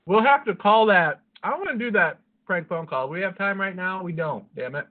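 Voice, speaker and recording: Man, podcast co-host, casual storytelling, constant swearing, slightly high voice, lo-fi phone-like audio. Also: lively intonation, normal speed. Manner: rambling, swears constantly, laughs at own jokes.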